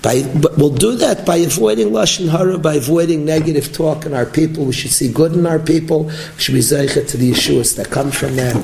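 An animated man preaching a Torah lecture in a rather high voice, telling stories and mixing Hebrew and Yiddish words into his talk. The room has a noticeable echo. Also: a little fast, gravelly, few pauses. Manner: animated, storytelling, mixes in Hebrew and Yiddish terms. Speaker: rabbi giving a Torah class. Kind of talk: sermon-style Torah lecture.

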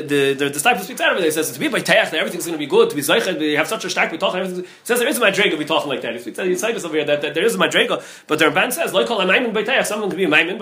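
Male rabbi lecturing on Talmud; rapid, repetitive delivery with a high, bright voice. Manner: rapid, repetitive, heavy with Hebrew and Yiddish terms.

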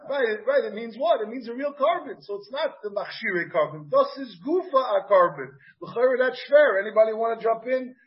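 Speaking at normal speed with few pauses, a man with a very high, animated voice leads a Talmud lesson, musing aloud and asking his students questions. The class recording is muffled and dull, and his accent is American English shaped by Yiddish-Hebrew pronunciation.

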